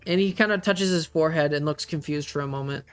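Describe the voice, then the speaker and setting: A man's voice: on the high side, fast, clear, resonant tone. A man narrating a tabletop game as game master, rambling with many fillers.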